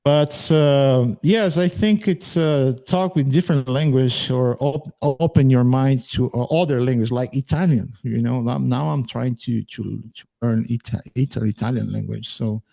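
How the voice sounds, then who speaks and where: A man with a Brazilian Portuguese accent talks as a guest in a relaxed chat. His voice is gravelly and mellow, and he pauses to hunt for the right words. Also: mid-range voice. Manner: searching for words, thoughtful. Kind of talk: casual interview chat.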